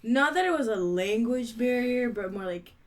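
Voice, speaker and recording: A woman's voice: on the high side, animated, poor audio. A woman with a Quebec French accent, a native French speaker, chatting casually on a podcast and often restarting her sentences. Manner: halting, restarts, fillers like "like". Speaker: podcast co-host. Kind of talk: casual chat.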